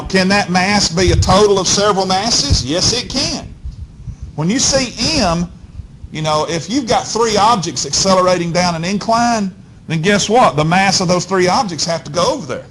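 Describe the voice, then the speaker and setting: A man teaches physics to a classroom in a folksy, coaxing way. He pauses over and over to check that his students are following. His voice sits a little high and swings widely in pitch, with a faint low rumble under the recording. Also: fairly bright tone. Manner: keeps checking in with "okay?" and "all right?". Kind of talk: classroom lecture.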